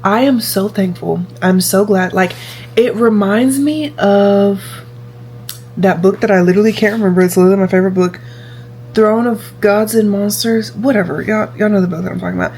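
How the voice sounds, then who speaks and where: A woman's voice: medium pitch, moderate pace, slight background noise. Chatty young woman vlogging. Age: 20s. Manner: chatty, repeats herself, animated. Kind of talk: casual vlog chat.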